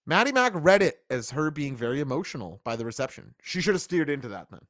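A man's voice: on the high side, very animated, fast talker, fairly bright tone, no echo, studio quality. A man hosting a live wrestling review, blunt and opinionated, reading out chat comments. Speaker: wrestling review podcast host.

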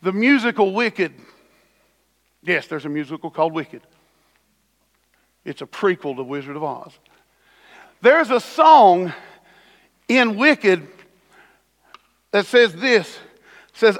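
A man's voice: sits high, big pitch swings, slow, long pauses, a bit bright. A man preaching a sermon as pastor in a church, conversational with sudden emphatic bursts. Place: church sanctuary. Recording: long hall reverb.

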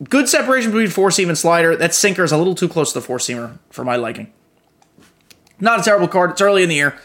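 A man's voice: high voice, expressive, fast, a bit bright. A young adult man hosting a podcast, giving loose, profane gaming commentary full of fillers. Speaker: podcast host.

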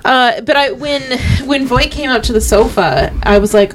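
A woman co-hosting a casual podcast chat about a movie, relaxed and agreeable, often chiming in. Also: a little high, normal speed, background noise. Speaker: podcast co-host.

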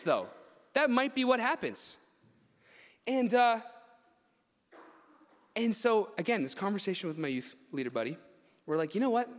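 Animated young preacher in a reverberant hall. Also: male voice, a little high. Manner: animated, conversational preaching with laughs and acted asides. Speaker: youth pastor. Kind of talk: sermon.

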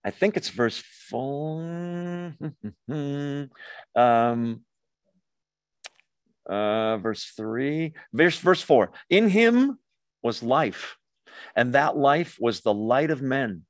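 A man's voice: mid-range voice, expressive, very slow, long pauses, no echo. A man preaching a sermon in a conversational way, often putting questions to his listeners. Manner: conversational, asks the audience questions. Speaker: pastor.

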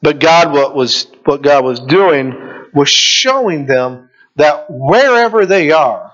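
A man preaching to his congregation in a fairly high voice. He builds through repeated questions and reads scripture aloud. The recording sounds dull and lo-fi. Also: expressive, slow pace, a bit bright. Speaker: pastor. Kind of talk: sermon.

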